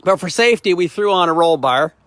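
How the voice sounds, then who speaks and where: A man's voice: high-pitched, lively intonation, fairly quick, a bit bright, no room sound. A middle-aged man hosting a casual walkaround, telling a rambling, plain-spoken story in a folksy way. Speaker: host, tractor dealer.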